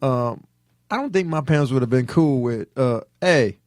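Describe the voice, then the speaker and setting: A man's voice: medium pitch, animated, normal speed, darkish tone, no echo, studio quality. A man co-hosting a comedy podcast, telling rambling jokes in a laid-back way. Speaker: podcast co-host. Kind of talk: casual comedic chat.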